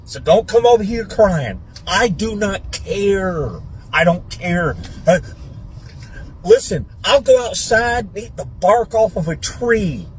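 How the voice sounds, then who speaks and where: A man's voice: high voice, animated, slow, a little hiss or hum, low-quality recording. A man ranting in a scornful, dismissive tone. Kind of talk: social media rant.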